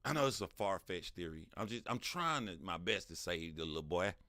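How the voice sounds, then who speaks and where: A man's voice: deep voice, animated, a little fast, pushed and bright, no echo. A man hosting a casual livestream and commenting animatedly, talking back to his chat and laughing often. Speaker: livestream host.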